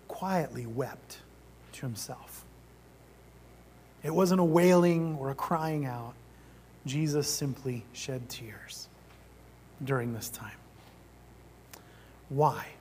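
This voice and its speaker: A male pastor preaching a sermon, shifting between animated emphasis and quiet, almost whispered passages. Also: a little high, breathy edge. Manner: dynamic preaching, drops to near-whisper for emphasis.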